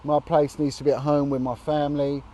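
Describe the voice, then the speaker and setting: A man's voice: fairly high pitch, flat delivery, fairly quick, dark tone, a little hiss or hum. A man vlogging from a roadside bench on a long walk, talking earnestly and indignantly, with blunt swearing. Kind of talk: casual outdoor chat to camera. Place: outdoors, sitting on a bench by a road.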